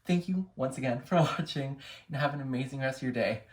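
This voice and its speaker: A man's voice: mid-range voice, brisk, slightly rough. A playful man walks through a crafting demo in a loose, chatty way. He makes joking asides as he works. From Massachusetts. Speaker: craft demonstrator on a design team. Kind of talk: casual crafting tutorial.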